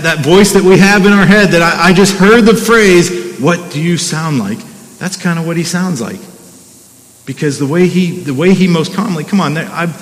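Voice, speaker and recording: A man's voice: fairly high pitch, a bit bright, in a large hall, poor audio. A middle-aged man preaching a sermon as pastor, talking conversationally, restarting phrases and throwing in "come on" asides.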